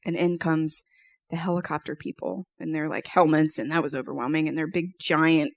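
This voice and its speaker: A woman's voice: deep voice, steady tone, normal speed, vocal fry, dry recording. A young woman giving a personal testimony at church, telling her story conversationally with lots of fillers.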